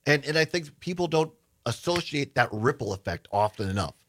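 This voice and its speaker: A man's voice: medium pitch, lively intonation, fairly quick. A man hosts a political talk radio show. He asks his guests questions in a conversational way and gets openly indignant. His voice sits in a middle register.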